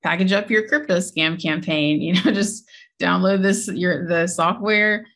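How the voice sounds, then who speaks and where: A woman's voice: lowish voice, fairly even intonation, a little slow, fairly bright tone. A woman co-hosting a tech podcast, chatting casually, often laughing and correcting herself mid-sentence. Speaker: podcast co-host.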